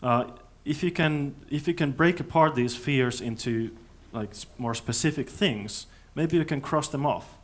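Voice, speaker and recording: A man speaking at a conference, answering audience questions in a thoughtful, halting way with many restarts. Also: mid-range voice. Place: conference hall.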